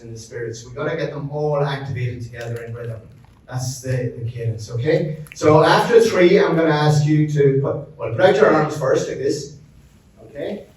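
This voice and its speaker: A middle-aged Irish man giving an upbeat live seminar talk, joking with the audience and calling people by name. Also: on the high side. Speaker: resilience consultant presenting a session. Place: large event room. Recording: very roomy, mic at a distance.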